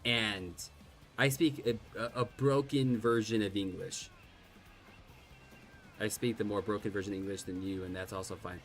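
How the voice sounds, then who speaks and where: A man's voice: on the low side, steady tone, moderate pace, pauses often, soft background music. A man from Ireland chatting casually while streaming a game, rambling and self-deprecating, with lots of restarts and swearing.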